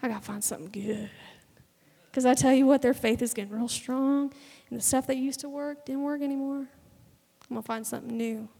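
A woman's voice: high-pitched, steady tone, a little fast, creaky, dark tone. Fervent young woman preaching in hall. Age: 20s. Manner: fervent, conversational preaching with acted-out dialogue. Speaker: speaker giving a testimony sermon. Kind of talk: sermon. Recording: long hall reverb.

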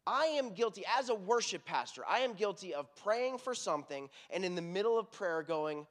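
A middle-aged worship pastor with a Texan accent preaches to his congregation, his voice sitting a little high for a man. He talks to the room in a loose, conversational way and tells his stories earnestly, with plenty of animation. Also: sing-song, fairly quick, hardly any pauses, a bit bright. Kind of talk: sermon.

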